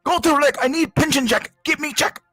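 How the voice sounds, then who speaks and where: A man voicing an elderly male pensioner who shouts broken-English demands for his check. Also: very high-pitched, fairly quick, faint music behind, voice pushed up. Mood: demanding.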